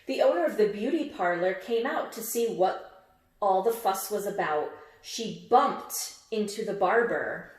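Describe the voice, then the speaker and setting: A woman teacher reads a picture book aloud slowly and deliberately. She repeats each word with emphasis and quizzes her listeners on how it ends. Her voice has a middling pitch, and a roomy echo surrounds it. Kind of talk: read-aloud phonics lesson.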